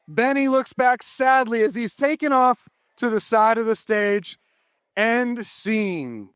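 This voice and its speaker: Upbeat man with a high voice, dry close sound, leading a school chapel story for children. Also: expressive, a little slow, fairly bright tone, clean tone, dry recording. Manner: playful, upbeat, directing children. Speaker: chapel speaker for elementary students. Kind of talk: interactive Bible story with kids acting it out.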